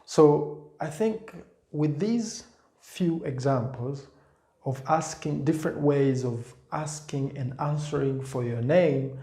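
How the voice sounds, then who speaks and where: A man's voice: fairly high pitch, takes it slowly, mellow. A man teaching a spoken language lesson, repeating words patiently and pointing to written examples. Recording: echoey room.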